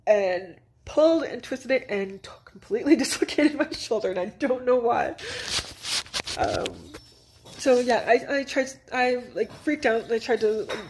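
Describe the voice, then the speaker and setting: A woman's voice: fairly high pitch, animated, moderate pace, darkish tone, slight background noise. A woman in her thirties from northern Manitoba tells a personal story casually, rambling with lots of "like" and restarts. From northern Manitoba, Canada. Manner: rambling, heavy use of "like", frequent restarts and nervous laughs. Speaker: vlogger.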